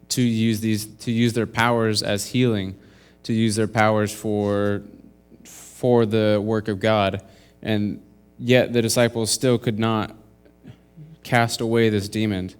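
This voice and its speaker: Young man preaching in a flat, low voice. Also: clear, resonant tone. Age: young adult. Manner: earnest, explains verses step by step. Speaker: intern preacher. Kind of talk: sermon with scripture reading. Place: church.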